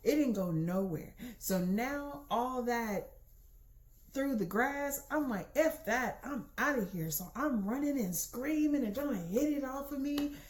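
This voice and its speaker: Young woman host telling a funny story, lots of y'all, mellow warm tone. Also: high-pitched, a little slow. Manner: animated, slangy, addresses listeners as y'all. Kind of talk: casual comedic storytelling.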